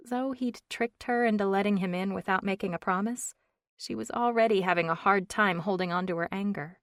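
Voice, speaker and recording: A woman reads an audiobook in an even, measured way. Her voice sits fairly low, and the sound is close-miked and dry. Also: dry recording. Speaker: audiobook narrator. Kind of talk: scripted narration.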